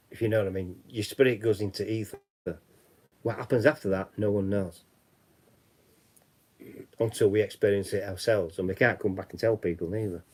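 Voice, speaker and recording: A man's voice: lowish voice, a little mellow, slightly rough. A man with a Yorkshire accent chatting casually as a livestream host, rambling and repeating himself. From West Yorkshire, England.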